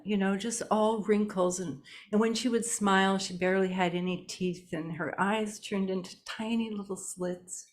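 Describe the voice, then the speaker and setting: A woman telling a folk tale live, slow and deliberate with long pauses. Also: fairly low pitch, a little mellow. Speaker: storyteller. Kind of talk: live oral storytelling. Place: storytelling event indoors.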